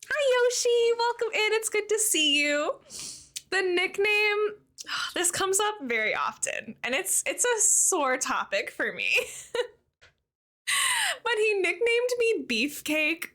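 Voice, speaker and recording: A young woman with a high, bright voice chats casually on a live stream. Her pitch swings widely as she greets viewers by name. She sounds giggly and animated.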